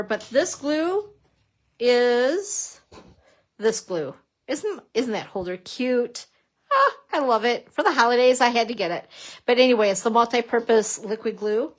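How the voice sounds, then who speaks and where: A middle-aged woman chatting through a casual papercraft tutorial on a livestream, greeting viewers by name and laughing often. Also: on the high side. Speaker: papercrafting instructor.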